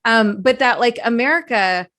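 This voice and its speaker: A woman's voice: fairly high pitch, moderate pace, a bit bright. A woman from Canada hosting a podcast, chatting casually and searching for words with many fillers. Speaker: podcast host. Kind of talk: casual conversation.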